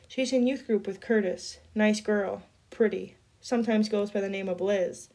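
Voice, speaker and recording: A woman's voice: medium pitch, steady tone, normal speed, a little mellow, close to an everyday voice. A woman reading aloud, voicing a firm, shrewd grown woman who sees through a lie. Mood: stern. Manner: firm, knowing.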